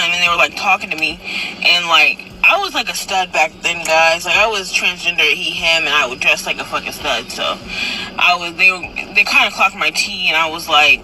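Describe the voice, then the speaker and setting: A person telling a personal story in casual chat, animated and acting out quotes with sudden loud, high bursts, recorded in a car. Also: a little fast, slight background noise, poor audio.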